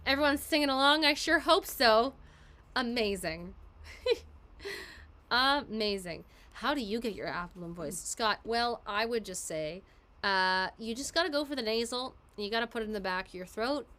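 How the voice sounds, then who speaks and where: A woman voice actress casually chatting and answering fan questions on a live stream, giggly and quick. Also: on the high side, sing-song, fairly bright tone.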